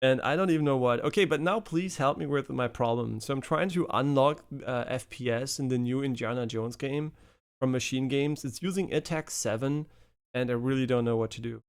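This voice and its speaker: A man's voice: medium pitch, a little fast, clear, resonant tone. A male game streamer chatting casually on a live stream, swearing and laughing as he teases a voice assistant. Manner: profane, laughing, teasing a voice assistant.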